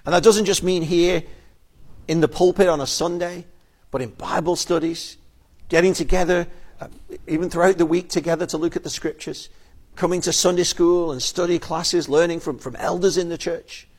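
A male pastor delivering a sermon from the pulpit. His voice sits a little above the usual male pitch. He speaks earnestly and often repeats a word as he begins a new phrase. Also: steady tone, moderate pace, a little mellow. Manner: earnest, repeats words when starting a phrase.

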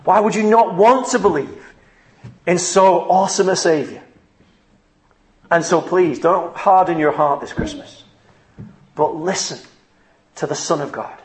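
Male preacher, higher register, pleading sermon delivery, reverberant room. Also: unhurried, long pauses. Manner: pleading and earnest, rising to fervent questions. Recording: echoey room.

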